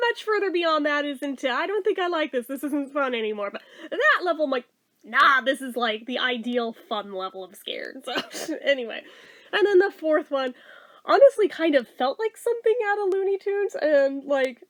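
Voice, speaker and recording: A woman giving a casual movie review, excitable, swearing freely and laughing often. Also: sits high, no room sound.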